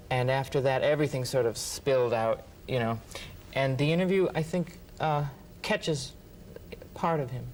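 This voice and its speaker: A man, a writer and interview guest, telling lively anecdotes and acting out what others said. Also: mid-range voice, slight background noise, rough recording. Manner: animated, acts out quotes, laughs often. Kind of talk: anecdotal storytelling.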